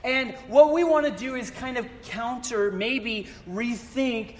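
A man's voice: very high voice, slow pace, big-room sound. A man preaching a casual sermon as pastor in a church, chatty and joking, with self-deprecating asides. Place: church sanctuary.

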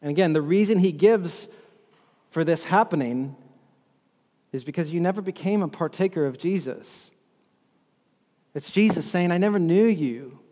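A man's voice: a little high, moderate pace, pauses often, warm tone. A man preaching a sermon as pastor, earnest and often repeating words as he works through scripture. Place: church hall. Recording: long hall reverb.

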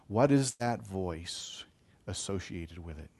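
A man giving a gentle, emotional pastoral talk on blessing, speaking to listeners as a chaplain. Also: sits low, lively intonation, slow pace, breathy edge. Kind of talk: reflective spiritual talk.

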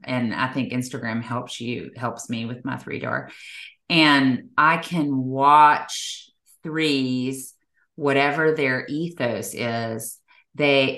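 Woman, very low voice, slow and musing, restarts often; echoey room. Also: fairly bright tone. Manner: musing, rambling with many restarts. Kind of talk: casual conversational chat, sometimes reading aloud.

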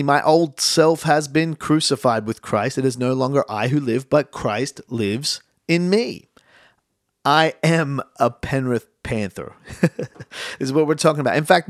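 A man's voice: fairly high pitch, dry recording. Male pastor preaching, dry sound. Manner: conversational preaching, repeats words when emphasizing. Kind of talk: sermon.

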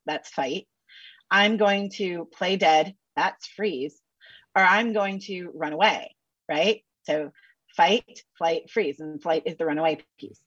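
A woman counselor talking on a podcast with sassy, animated asides and casual slang. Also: on the low side, husky, dry recording, lo-fi sound. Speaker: counselor guest. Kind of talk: podcast interview.

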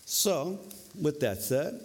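A male preacher giving a lively, conversational sermon, often tagging his points with questions. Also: on the high side, slow pace, slightly rough. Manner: conversational, animated, tag questions. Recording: long reverb of a hall.

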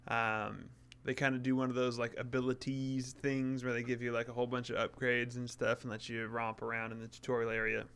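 A man's voice: medium pitch, fairly quick, smooth. A man co-hosting a casual gaming chat, explaining at an easy pace. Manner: relaxed, explanatory, lots of fillers. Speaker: podcast co-host.

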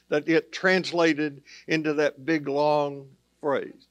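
A man's voice: fairly high pitch, little pitch movement, slow pace, few pauses, no echo. A man preaching a sermon in a conversational way, with plain asides to the congregation. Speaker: pastor.

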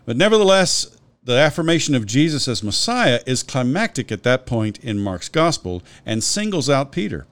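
A man talks through a scripture passage in a relaxed podcast conversation. His intonation rises and falls a lot as he explains. He cites references carefully and often restarts his sentences. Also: medium pitch, moderate pace. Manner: scholarly, explanatory, with frequent restarts and citations. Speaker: Bible scholar discussing scripture.

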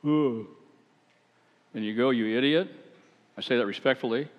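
A man's voice: medium pitch, normal speed. Chatty preacher man in an echoey hall. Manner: chatty and rhetorical, with wry asides and self-deprecating stories. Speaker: pastor. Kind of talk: conversational sermon. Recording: echoey hall, dull lo-fi sound.

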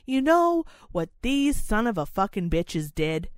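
A woman's voice: mid-range voice, very animated, unhurried, dry recording. A young adult woman telling a story in a casual, angry rant, swearing freely and dramatizing it. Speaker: podcast co-host telling a story.

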